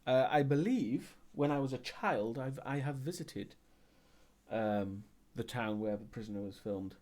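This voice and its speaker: A man's voice: medium pitch, measured pace, darkish tone. A Welsh man hosting a live stream, chatting casually with his chat and making wry asides. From Wales.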